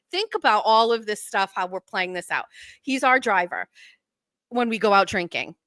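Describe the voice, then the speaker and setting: A woman's voice: medium pitch, bright, forceful tone, smooth, dry recording. A middle-aged woman hosting her own show, telling a story in a chatty, self-mocking way and acting out the voices of people she quotes. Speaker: podcast host. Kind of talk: casual storytelling chat.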